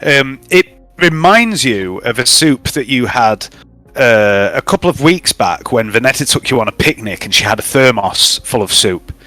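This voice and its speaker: A man's voice: mid-range voice, expressive, moderate pace, bright, forceful tone, soft background music. A man narrating and running a tabletop role-playing game as game master, recapping events with frequent fillers.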